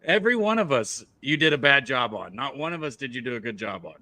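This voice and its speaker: A man's voice: mid-range voice, expressive, quick pace, pushed and bright. A man giving blunt betting takes as a guest analyst in casual talk, teasing the host.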